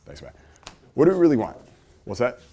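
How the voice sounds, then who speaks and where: A man teaching a workshop to a live audience in a room, energetic and asking the audience questions. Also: medium pitch, fairly quick, slightly rough. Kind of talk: live seminar talk to an audience.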